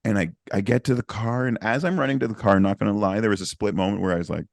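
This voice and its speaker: Deep-voiced man telling a story. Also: quick pace, creaky, dry recording, clean studio sound. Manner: animated, acts out the people in his stories. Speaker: podcast co-host. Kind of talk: casual storytelling.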